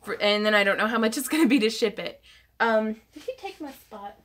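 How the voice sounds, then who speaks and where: A woman's voice: fairly high pitch, fairly quick, a bit bright. Giggly woman livestreaming. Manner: giggly, chatty, reads viewer comments aloud. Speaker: craft livestream host. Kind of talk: casual livestream chat.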